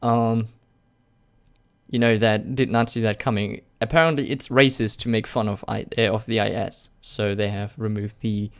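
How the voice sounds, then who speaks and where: This YouTube host is a young man whose native language is German, and his accent shows it. His voice sits fairly low, steady in tone and moderate in pace, as he reads questions from chat during a casual live stream and fires back sarcastic, joking replies while laughing often.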